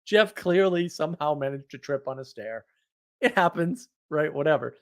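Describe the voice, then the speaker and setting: A man casually telling a story from his week, animated, laughing often and restarting his sentences. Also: on the high side, moderate pace. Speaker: podcast host.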